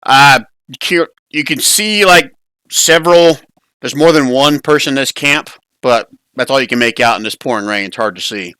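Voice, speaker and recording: A man's voice: mid-range voice, moderate pace, pushed and bright, clean tone, dry recording. A man narrating a tabletop game as game master, casual and often laughing.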